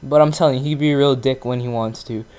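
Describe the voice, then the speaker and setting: A man's voice: medium pitch, steady tone, fast talker, darkish tone. A teenage boy hosting his own channel, telling a story in a casual, profane rant full of fillers. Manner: profane, ranting, lots of fillers. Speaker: gaming channel host.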